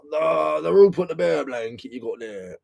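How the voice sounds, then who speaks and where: A man's voice: animated, moderate pace, vocal fry, a little mellow, no room sound, exaggerated voice. A man voicing a cocky young male London roadman who haggles in slang. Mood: haggling. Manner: slangy, swaggering, lowballing.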